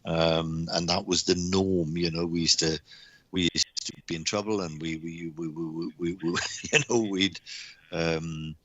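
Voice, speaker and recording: A man giving live psychic readings on a stream, speaking haltingly with lots of repeated words and restarts. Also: low voice, level tone, fairly bright tone, no room sound, highs cut off. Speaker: psychic reader.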